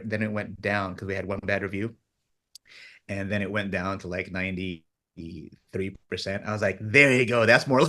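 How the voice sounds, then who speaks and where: This man's mid-range voice is a bit bright. A film director appearing as a podcast guest, he tells a story animatedly and self-deprecatingly in casual interview chat, acting out what others said.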